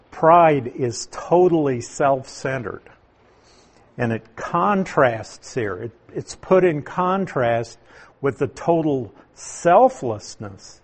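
A man preaching a sermon, teaching through a Bible passage in a slow, deliberate way with emphatic stresses. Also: mid-range voice, breathy edge. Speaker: pastor.

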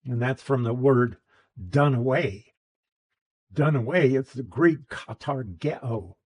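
A man's voice: medium pitch, slow, a little mellow, low-quality recording. A man teaching a Bible class, explaining a verse's grammar patiently with restarts and asides.

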